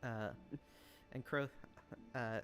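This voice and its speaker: A man narrates as the game master of a tabletop game. He talks in a halting, casual way, with plenty of ums and restarts, at an ordinary pitch. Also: steady tone, fairly bright tone, soft background music. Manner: halting, full of filler words.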